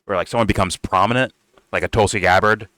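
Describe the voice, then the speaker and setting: A man giving casual, profane reaction commentary on video clips, excitable and laughing often. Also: lowish voice, fast, dry recording. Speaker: reaction streamer.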